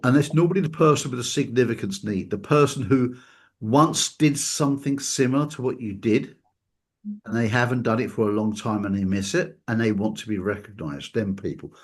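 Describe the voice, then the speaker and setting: A man's voice: mid-range voice, fairly quick, husky. A man hosting a casual talk show, telling stories and mimicking the people he quotes. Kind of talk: casual chat.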